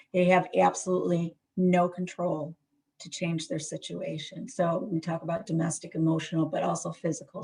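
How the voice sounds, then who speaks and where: A woman's voice: fairly low pitch, vocal fry. A middle-aged woman therapist giving a presentation on trauma in a conversational way, full of fillers and restarts.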